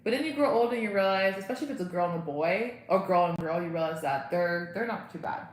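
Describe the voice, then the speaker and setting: The host of this casual at-home livestream is a young woman who talks fast in a lowish voice. She chats and responds to viewer comments, and the audio is echoey with faint ambient noise in the background.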